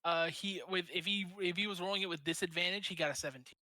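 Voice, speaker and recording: High, bright-voiced man at a game table. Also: fast, dry recording. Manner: laughs often, rambling. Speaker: player. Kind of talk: casual game chat.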